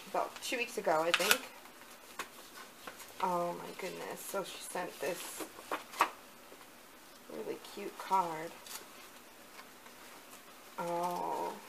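Young woman vlogger, gushing unboxing chat, slow and breathy with excited gasps, faint background hiss. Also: on the low side. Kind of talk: unboxing vlog, casual chat.

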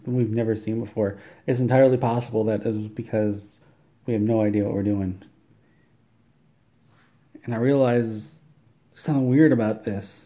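A man telling an absurd comedic story in a deadpan, rambling way, often repeating words. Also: mid-range voice, highs cut off.

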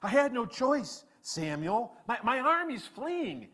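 Guy doing a loud high-pitched defensive king, ranting excuses all over the place. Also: very animated, takes it slowly, full character voice. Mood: pleading excuses. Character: defensive indignant male king making excuses.

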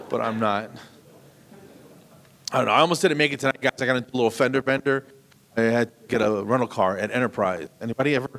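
A man's voice: mid-range voice, a bit bright. A man in his fifties doing a stand-up comedy set, rambling and self-deprecating, with many restarts. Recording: long hall reverb.

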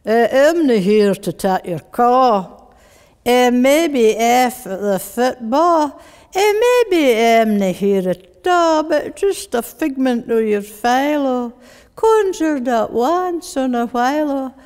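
A woman voicing an answering-machine message with a Dundee accent, deeper, rough and deadpan. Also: takes it slowly. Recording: long reverb of a large hall.

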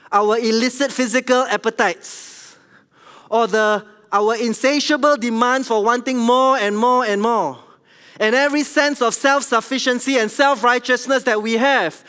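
A middle-aged man with a Singaporean English accent, preaching a church sermon in an animated, conversational way and asking the congregation questions. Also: extremely high pitch, clear, resonant tone. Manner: animated, conversational, tells jokes at his own expense, asks the congregation questions. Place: large church hall. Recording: long hall reverb.

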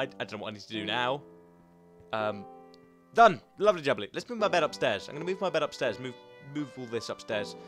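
Excitable young gamer, lively pitch. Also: male voice. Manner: chatty and excitable, talks to the animals. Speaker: gaming commentator. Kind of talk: playing a game with live commentary.

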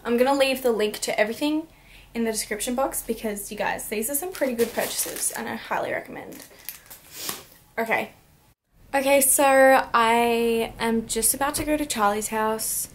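A woman's voice: a little high, normal speed. A young woman in a casual haul vlog, talking to camera at home with a bubbly, gushing, chatty manner. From Australia. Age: young adult. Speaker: vlogger.

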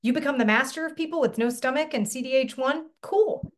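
Chatty woman coach, slightly high voice. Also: fairly quick, a little hiss or hum. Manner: casual, chatty, swears lightly, asks the audience questions. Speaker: business coach. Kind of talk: live online coaching lesson.

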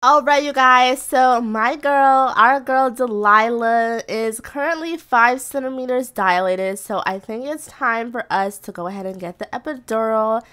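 A young woman casually commentating a life-simulation game as channel host, chatty and excitable, often laughing. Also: fairly high pitch, measured pace, few pauses, smooth. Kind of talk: casual let's-play commentary.

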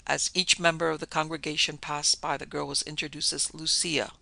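A man narrating a classic horror story in a measured, dramatic storytelling manner. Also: a little high, level tone, gravelly, sharp tone, dry recording. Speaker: podcast narrator.

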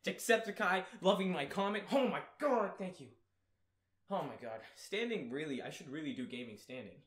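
Giddy teenage boy with a lively high voice. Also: normal speed. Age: teens. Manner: giddy, rambling, swings between loud yelps and mumbling. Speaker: gaming YouTuber. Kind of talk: excited vlog rant. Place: home room. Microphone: desk mic, sometimes far from it.

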